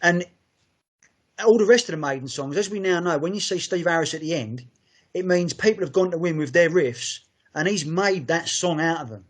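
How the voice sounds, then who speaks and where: A man's voice: on the high side, moderate pace. Sweary man, rambling fan talk. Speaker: podcast co-host. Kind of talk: casual chat.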